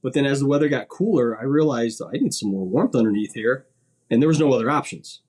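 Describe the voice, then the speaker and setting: A man speaks as a guest on a podcast, in a relaxed, conversational way. His voice sits in a middle range, and he stumbles over his first words now and then before settling into a loose, rambling flow. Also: medium pitch, quick pace. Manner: rambling, repeats words when starting sentences. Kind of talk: casual podcast chat.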